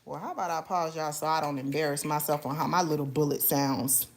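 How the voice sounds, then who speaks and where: In a casual live cooking stream from her home kitchen, a chatty woman from Haiti talks to her viewers as y'all. She speaks a little fast in a low-pitched, steady voice.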